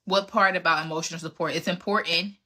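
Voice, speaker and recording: Talking fast, a woman in her thirties with a lowish, steady, sharp voice hosts a podcast. She fields relationship questions with candid, emphatic, casual advice, playing out her exchanges with past dates.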